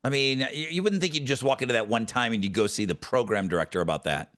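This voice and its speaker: A man's voice: mid-range voice, fast, fairly bright tone, no room sound, studio quality. A man co-hosting a podcast, chatting casually and needling his partner with teasing questions. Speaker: podcast co-host. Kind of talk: casual chat.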